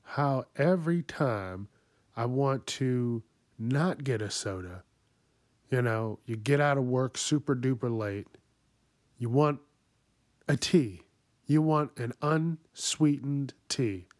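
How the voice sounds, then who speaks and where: A man hosts his own podcast and goes on a profane comedic rant, swearing constantly and laughing at his own jokes. He talks at an unhurried, drawn-out pace in a middle-pitched voice. The sound is dry and close. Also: no room sound. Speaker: podcast host.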